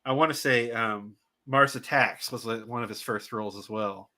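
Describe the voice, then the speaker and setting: A man's voice: medium pitch, moderate pace, sharp tone. A man co-hosting a casual live-stream chat, rambling and laughing easily while sharing fun facts. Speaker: co-host.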